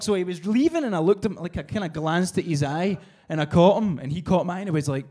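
A man's voice: on the high side, fast talker, a little mellow, husky. A Scottish man doing a profane stand-up set in a small bar, telling a story and acting out its voices. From Scotland. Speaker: stand-up comedian. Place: small bar with live audience.

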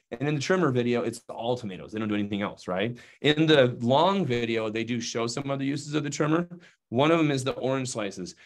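A man giving a hands-on cooking demonstration, chatty and playful, often checking in with his audience. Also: mid-range voice. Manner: playful asides while demonstrating. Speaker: knife demonstrator.

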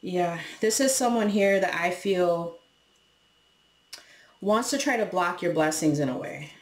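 A woman's voice: on the low side, expressive, unhurried, echoey room. A woman giving a casual tarot reading to her viewers, talking frankly, swearing freely and laughing as she acts out what people say. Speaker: tarot reader.

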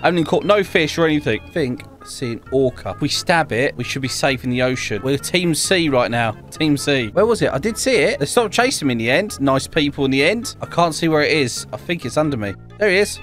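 A young man casually commentating on his gameplay, chatty and excitable, often laughing. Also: on the high side, a little fast, few pauses. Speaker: gaming YouTuber. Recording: faint game music behind.

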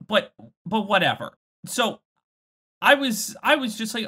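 A woman's voice: medium pitch, lively intonation, normal speed, bright, forceful tone, husky. A woman co-hosting a podcast, speaking emphatically and swearing a lot in a casual chat. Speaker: podcast co-host.

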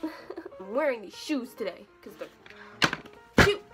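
A woman's voice: on the high side, animated, slow pace, over music. A young woman chatting casually in her bedroom, rambling and poking fun at herself as she films on a phone. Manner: chatty, rambling, self-mocking. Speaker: vlogger. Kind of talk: casual vlog chat.

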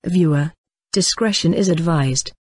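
A man reading a scripted content warning in a flat, even announcer voice. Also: fairly high pitch, a little slow, slight background noise.

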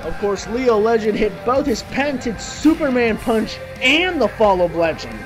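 Excitable male play-by-play caller, unhurried pace, clear music bed underneath. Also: high-pitched. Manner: excitable, bursts into shouting at big moments. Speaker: wrestling commentator. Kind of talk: play-by-play wrestling commentary. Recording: clear music playing behind.

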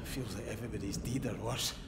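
An actor voicing a weary, swearing Scottish rig worker in a video game, with grim humor. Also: male voice, fairly low pitch, steady tone, quick pace, background noise, lightly acted.

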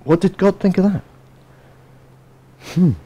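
A man preaching a sermon in an animated storytelling manner, acting out what people say. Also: sits high, slow pace, low-quality recording. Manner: animated, storytelling, acts out voices.

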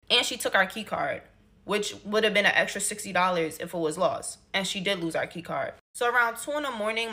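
A young woman telling a personal story to her phone camera in an animated, exasperated, slangy way. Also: medium pitch. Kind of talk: casual storytime monologue.

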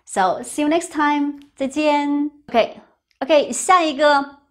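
A woman teaching a language lesson, saying each phrase, explaining it simply and repeating it slowly. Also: high voice, a bit bright. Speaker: Chinese teacher.

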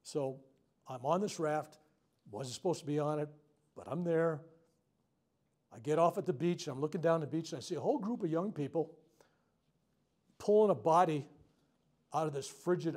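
A man, a reverend leading a self-healing workshop, telling stories to a live group in a frank, unscripted and heartfelt way, with loud outbursts at dramatic moments. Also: mid-range voice. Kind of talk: storytelling talk to a live group. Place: workshop room with a live audience.

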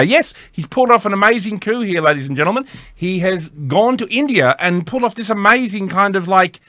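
A man's voice: high-pitched, bright, forceful tone, dry recording, studio quality. A man hosting his own show, giving casual political commentary in a rambling, tongue-in-cheek way with many fillers. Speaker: host.

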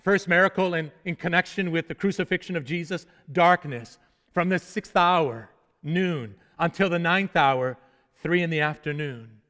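Male pastor with a high voice, earnest sermon delivery, stammered restarts, long hall reverb. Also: moderate pace, bright, forceful tone. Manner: earnest preaching with repeated restarts and falling, solemn phrase endings.

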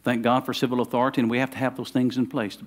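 Middle-aged man, church sermon, chatty delivery building to fervent peaks, mid-pitched voice. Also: flat delivery, very fast. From Southern United States. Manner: conversational preaching, rising to fervent emphasis. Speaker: pastor.

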